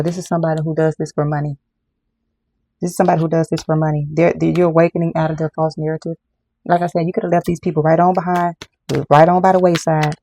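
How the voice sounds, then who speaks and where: Gravelly tarot reader talking emphatically. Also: medium pitch, mellow. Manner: emphatic and repetitive, addresses viewers as y'all. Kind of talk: casual tarot card reading to viewers.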